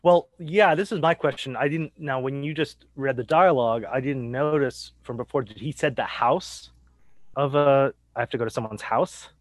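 A man's voice: mid-range voice, moderate pace, no echo. A man co-hosting a podcast, chatting casually about a TV episode, agreeable and often laughing. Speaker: podcast co-host.

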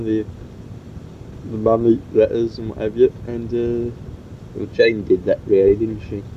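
A man recording a rambling, chatty cassette tape message, full of fillers. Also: medium pitch. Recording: muffled old cassette tape with hiss.

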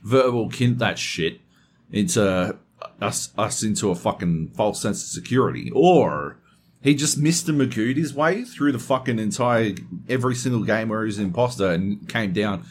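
A man's voice: fairly low pitch, expressive, normal speed, a little hiss or hum. A man hosting a podcast in casual chat, swearing constantly and getting worked up as he tells a story. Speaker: podcast host.

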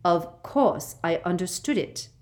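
A woman voicing a stern older female professor in an audiobook, speaking crisply, curtly and a little haughtily. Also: medium pitch, lively intonation, measured pace, pitched above the performer's own voice. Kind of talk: audiobook character voice.

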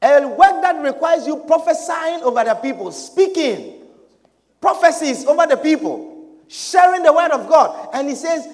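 A man preaching a sermon with slow, emphatic delivery, shouting his key points and drawing amens from the congregation. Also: extremely high pitch, sing-song. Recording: long reverb of a large hall.

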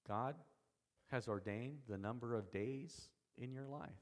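A man preaching an expository sermon, shifting from soft, slow lines to loud emphatic ones, with folksy, self-deprecating asides. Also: medium pitch. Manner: dramatic swings between soft and emphatic, slows on key words. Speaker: pastor.

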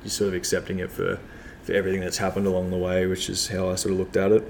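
A deep, monotone man speaks in a relaxed, rambling way, full of "you know" and "um". He sounds like a club cricketer chatting in an interview. Faint background noise sits under the voice. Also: racing, gravelly. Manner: relaxed, rambling with many fillers. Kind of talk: casual interview chat.

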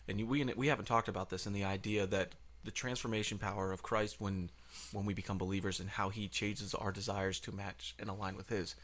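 A man's voice: on the low side, a bit bright. A man co-hosting a podcast in casual chat, enthusiastic and emphatic. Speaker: podcast co-host.

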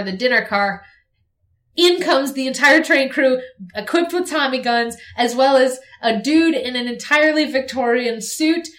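Woman, casual chat, storytelling, acts out characters' lines, slightly high voice, echoey room. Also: a bit bright. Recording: roomy echoey recording.

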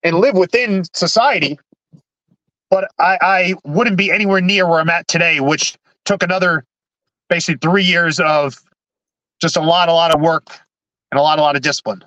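A man with a high, sharp, bright voice shares his personal story as a podcast guest. He talks haltingly, often restarting and repeating words before pushing on. The sound is dry and close, with no room around it. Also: dry recording, low-quality recording.

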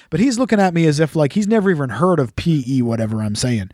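A man's voice: high-pitched, expressive, fast talker, darkish tone, no echo, studio quality. A man hosting a casual chat, telling a rambling, profane, jokey story. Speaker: podcast host.

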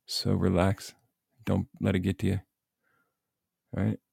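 Man, very low gravelly voice, husky, blunt and profane, casual coaching rant. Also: a little slow, dry recording, clean studio sound. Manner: blunt, profane, animated venting.

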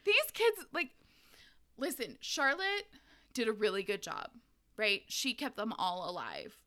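A woman's voice: medium pitch, wildly swooping pitch, unhurried, sharp tone. A woman hosting a casual chat about a book, talking loosely with lots of "like" and swearing. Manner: chatty, profane, filler-heavy, giggly. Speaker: podcast host recapping a book.

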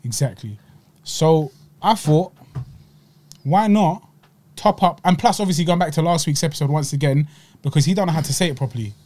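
A man's voice: a little high, moderate pace, long pauses, darkish tone, slight background noise. A man, originally from Egypt, hosting a podcast in chatty, slang-heavy casual talk. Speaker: podcast host. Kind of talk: casual chat, food review.

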